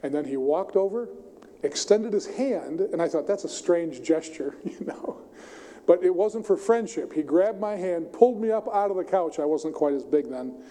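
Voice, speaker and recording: His voice sitting high and moving at normal speed, a middle-aged pastor delivers a sermon built on stories, voicing each character with animation. The sanctuary gives the recording a long, echoing reverb.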